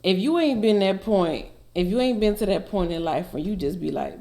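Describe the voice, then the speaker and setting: A woman's voice: medium pitch, animated, moderate pace, hardly any pauses, warm tone. A woman hosting a music reaction video, talking in an emphatic, reflective, slangy way with plenty of cursing. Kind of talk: casual album reaction commentary.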